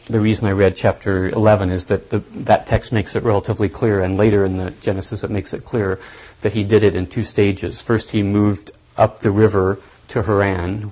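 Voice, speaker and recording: A man giving a lecture on scripture, thinking aloud deliberately and stressing key points. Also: fairly low pitch, a little mellow, poor audio. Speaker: Bible teacher.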